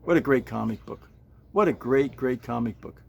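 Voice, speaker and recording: A man's voice: medium pitch, normal speed, creaky, slightly rough. A man vlogging casually at home, stammering, repeating words and restarting sentences as he rambles in an earnest, homespun way. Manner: earnest and homespun, fond of small comforts. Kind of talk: casual vlog talk to camera. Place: at home, later filming by a pool.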